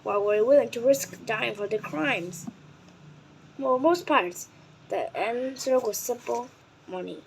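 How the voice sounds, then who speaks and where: A woman whose first language is Vietnamese reads a children's nonfiction book aloud in English, carefully and deliberately, sometimes stumbling and correcting herself. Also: a little high, gravelly, a little hiss or hum, rough recording.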